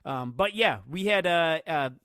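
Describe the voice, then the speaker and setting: A man's voice: on the high side, animated, unhurried, pushed and bright, clear, resonant tone, no echo, studio quality. Rambling, chatty podcast co-host man. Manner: rambling and chatty, with frequent fillers and restarts; laughs easily while telling stories. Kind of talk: casual podcast chat.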